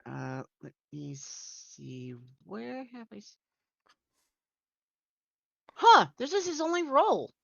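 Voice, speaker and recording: A woman's voice: fairly high pitch, huge pitch swings, slow, gravelly, long pauses, no echo. A woman co-hosting a casual movie riff, chatty and joking, laughing often. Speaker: podcast co-host. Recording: dull lo-fi mic.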